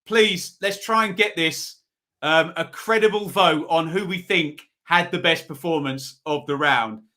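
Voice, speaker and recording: Speaking at a measured pace, a man with a slightly high, pushed, bright voice hosts a live football review show. He chats casually and pleads now and then, reading out viewer comments and votes as casual live-stream commentary.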